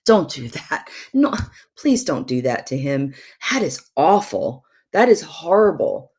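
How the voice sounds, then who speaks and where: A middle-aged woman giving emphatic, preachy marriage advice on a live stream, with soft asides now and then. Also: extremely low pitch, sing-song, unhurried, husky. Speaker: prophetess and show guest.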